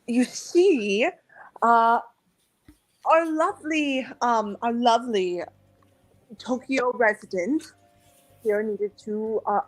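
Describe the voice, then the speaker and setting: Woman putting on a sly, high-pitched schemer. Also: rough recording.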